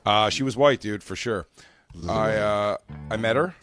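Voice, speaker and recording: A man with a low voice banters on a comedy podcast, teasing and tossing off quick asides. Music plays clearly underneath him throughout.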